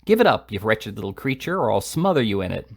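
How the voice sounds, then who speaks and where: A man's voice: on the low side, big pitch swings, quick pace, gravelly, breathy edge, full character voice. A man reading aloud and voicing a blunt, commanding young male servant in a raised voice.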